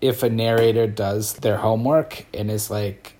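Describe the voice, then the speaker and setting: Man, lowish voice, casual podcast chat, reflective, hedges his opinions. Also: a little slow, few pauses, a little mellow. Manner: reflective, qualifies his points. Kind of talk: casual discussion.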